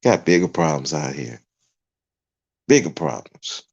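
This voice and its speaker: A man's voice: extremely low pitch, big pitch swings, unhurried, vocal fry, a little mellow, slightly rough. A podcast host, a man, delivering an emphatic, profane livestream rant. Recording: dull lo-fi recording.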